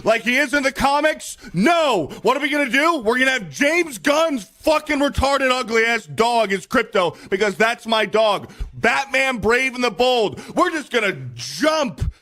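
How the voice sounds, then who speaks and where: A man with a very high voice goes on a profane rant in a casual panel chat. His tone is bright and cutting, and he breaks into shouts when he gets worked up. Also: expressive, a little slow, few pauses. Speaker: podcast panelist. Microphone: own microphone.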